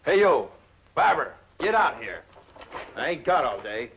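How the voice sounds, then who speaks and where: A rude, blustering outlaw. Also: male voice, mid-range voice, big pitch swings, measured pace, breathy edge, full character voice. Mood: surly. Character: rude, surly male outlaw. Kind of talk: 1950s TV western acting. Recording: muffled old TV soundtrack.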